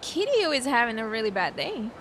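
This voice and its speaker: Casting: high, animated woman streamer, excitable, over loud game street noise. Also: fairly quick. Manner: excitable, chatty, reacting aloud. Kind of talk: casual gameplay commentary.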